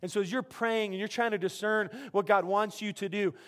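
Male pastor, middle-aged, high voice, casual animated sermon delivery. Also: fairly quick. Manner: conversational, animated, self-interrupting preacher.

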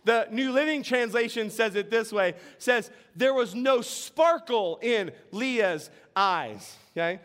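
High-voiced man preaching a chatty sermon. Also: animated, slow pace, hardly any pauses, a bit bright, clean tone. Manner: conversational, laughs often, asks the audience questions. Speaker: pastor.

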